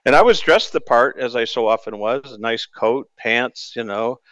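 A man's voice: medium pitch, normal speed, fairly bright tone, no room sound, dull audio. A man hosting a sports talk radio show, candidly telling a personal story with the odd rueful laugh. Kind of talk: casual radio monologue.

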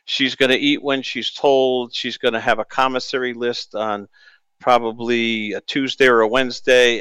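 A man hosts a late-night sports radio show and tells a personal story in a candid, conversational way. His voice sounds smooth and resonant at a middle pitch. It is close-miked and dry, with no room around it. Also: sharp tone, no echo. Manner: candid and storytelling, with rueful laughs. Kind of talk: casual radio monologue.

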